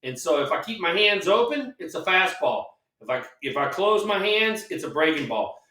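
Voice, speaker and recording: A middle-aged man and former ballplayer co-hosting a sports talk show, telling anecdotes in a relaxed way and checking in with "all right?". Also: sits high, normal speed. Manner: laughing, anecdotal storytelling with "all right?" tags. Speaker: podcast co-host, former ballplayer. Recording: echoey room, distant mic.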